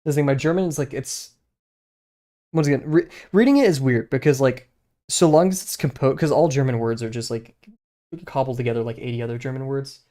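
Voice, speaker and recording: A man's voice: mid-range voice, fairly quick, mellow. Young man chatting while he draws. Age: young adult. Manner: rambling, many fillers, muttering while sketching. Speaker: streamer drawing live. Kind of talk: casual chat while drawing.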